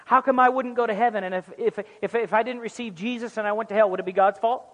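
A man preaching a sermon in a church, animated and acting out little comic dialogues. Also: high voice, fast talker. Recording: music under voice, long hall reverb.

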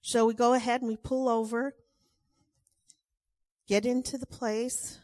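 A woman with a fairly high voice tells a personal testimony story, chatty and animated. She slips into the voices of the people she quotes. The sound is close and dry. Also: measured pace, no echo.

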